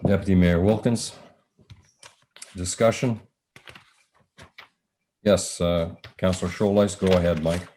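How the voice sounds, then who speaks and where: A Canadian man chairs a council meeting in a deep, flat, mellow voice. He speaks haltingly, full of fillers, and his voice is going. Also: a little hiss or hum. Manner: halting, many filler pauses. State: losing his voice.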